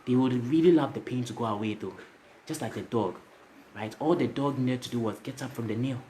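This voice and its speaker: Brisk and mellow, this mid-range male voice belongs to a motivational speaker telling livestream viewers a story. He speaks to them directly, repeats himself and tags his lines with "right?", and a little hiss or hum can be heard.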